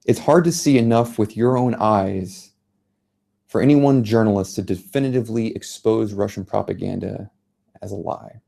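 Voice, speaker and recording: American man in his thirties, mellow tone, earnest speaker at a lecture. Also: lowish voice, vocal fry. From United States. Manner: earnest, measured storytelling. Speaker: journalist giving a talk. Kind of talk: public speech. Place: lecture venue.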